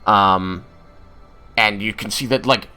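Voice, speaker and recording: A man's voice: lowish voice, takes it slowly, bright, forceful tone, smooth, soft background music. A man narrating a tabletop game as game master, with many hesitant fillers.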